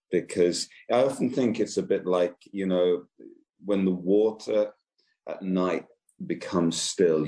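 A man being interviewed as an author guest in a very deep voice. He speaks gently and thoughtfully, often restarting his phrases. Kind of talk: interview answer.

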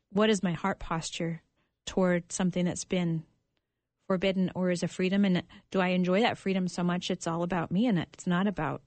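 A woman speaks in an earnest, reflective way on a radio talk show, often pausing on fillers. Her voice sits a bit low and sounds close and dry in the studio. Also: a little mellow, dry recording. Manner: thoughtful, earnest, many fillers like "like". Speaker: guest on a Christian radio show. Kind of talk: reflective discussion.

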